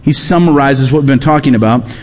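A man's voice: medium pitch, a little fast, a little mellow, in a large hall. A man preaching a sermon, emphatic and repeating his key phrases. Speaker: pastor.

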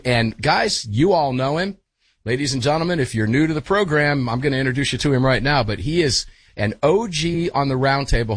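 A middle-aged man hosting a live talk radio show from his studio, energetic and folksy, calling guests brother. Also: medium pitch, husky, dry recording.

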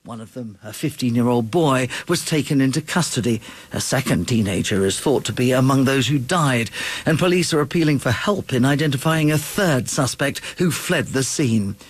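Husky male correspondent filing a report. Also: medium pitch, expressive, dry recording. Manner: grave, measured reporting. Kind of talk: scripted news report.

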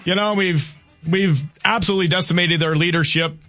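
Male talk radio host, opinionated, conversational, high voice. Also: fairly even intonation, a little fast, pushed and bright, faint music behind. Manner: opinionated, conversational, reads texts aloud.

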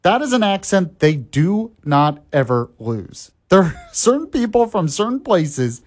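A man's voice: high voice, sing-song, unhurried. A man hosting a talk radio show, chatty and laughing often. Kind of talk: casual talk radio chat.

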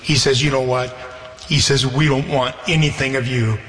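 A man's voice: fairly even intonation, moderate pace, a bit bright, echoey room, big-room sound. Man preaching a testimony sermon. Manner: repeats words, rises in pitch when preaching.

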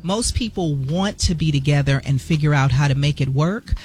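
A man with a somewhat high voice talks through his points in a measured, explanatory way. He sounds earnest and steady, like a guest in a casual panel conversation. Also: faint music behind. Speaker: podcast guest discussing relationships.

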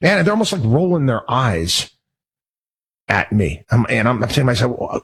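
A man hosting a talk show, talking in a husky, breathy voice. His monologue is indignant and worked up, and it rambles along with frequent restarts and repeated words. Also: medium pitch, sing-song, normal speed. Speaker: radio talk show host. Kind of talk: casual monologue.

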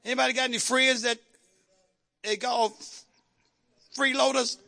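A man preaching a sermon to his congregation, calling out to the crowd and shouting at the peaks. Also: very high voice, little pitch movement, measured pace, creaky. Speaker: pastor. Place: church sanctuary.

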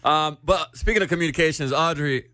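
A man's voice: a little high, fairly quick, sharp tone, no echo. Man co-host asking questions. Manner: leads the talk, asks questions. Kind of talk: casual chat.

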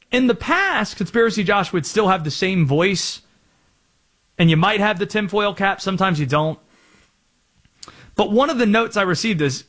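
A man's voice: high-pitched, fairly bright tone. A man from North Carolina hosting a sports talk radio show, chatting and explaining in a self-aware way.

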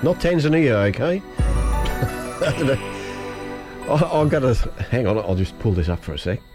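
A man's voice: medium pitch, very animated, takes it slowly, music in the background. A man with an Australian accent hosting community radio, rambling in casual chat with plenty of fillers. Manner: rambling, chatty, with many fillers and laughs. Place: radio studio.

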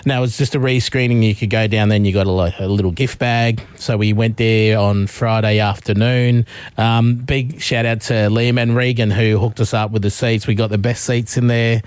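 A man's voice: on the low side, level tone, normal speed, a little mellow, clear, resonant tone, no room sound. A man co-hosting breakfast radio, telling a story in casual banter, laughing often and acting out the quotes. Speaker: radio breakfast show co-host.

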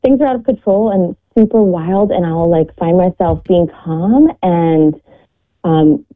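Earnest woman guest on the phone, low-pitched, heartfelt faith talk, tinny line. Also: measured pace. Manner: earnest, heartfelt, quotes scripture. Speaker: guest mother and podcaster.

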